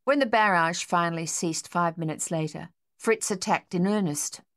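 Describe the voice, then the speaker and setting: A woman with a lowish voice narrates an audiobook in a steady, measured way. The sound is close and completely dry, as in a treated studio booth. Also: no echo.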